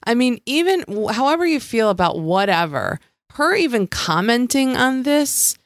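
A woman's voice: a little high, big pitch swings, moderate pace, dry recording, studio quality. A woman co-hosting a casual podcast recap, blunt and sarcastic, swearing freely. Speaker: podcast co-host.

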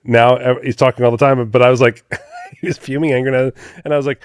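A man's voice: medium pitch, fast, no room sound. Chatty man telling stories, dry sound. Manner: chatty storyteller, animated when acting out quotes. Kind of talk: casual chat.

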